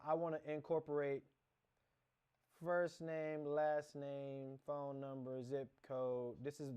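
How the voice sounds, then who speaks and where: A man's voice: a little high, darkish tone, clear, resonant tone. A man teaching a casual screen-share lesson, talking through each click as he goes, often restarting and correcting himself. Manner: rambling, self-correcting, talks through clicks. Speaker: course instructor.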